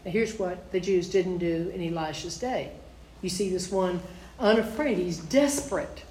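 A woman's voice: on the low side, normal speed, darkish tone, a little hiss or hum. A woman teaching a Bible study, reading scripture aloud and then explaining it in plain, conversational asides. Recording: echoey room.

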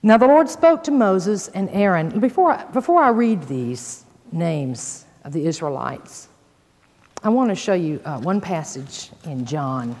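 A woman leads a sermon, reading scripture aloud with bold emphasis and dropping folksy asides to her listeners. Her voice swings widely in pitch. Long reverb trails her words. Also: big pitch swings, a little slow, darkish tone. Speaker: Bible teacher.

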